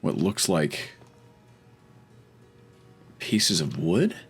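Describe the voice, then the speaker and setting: Deep-voiced man chatting over gameplay. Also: sing-song, extremely slow, slightly rough, faint music behind. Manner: chatty, wry, thinks aloud while playing. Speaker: let's play host. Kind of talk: casual gameplay commentary.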